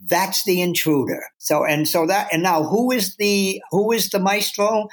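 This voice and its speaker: A man's voice: sits high, expressive, normal speed, hardly any pauses. A man talking earnestly as a guest author, acting out the inner voices he describes. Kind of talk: reflective interview talk.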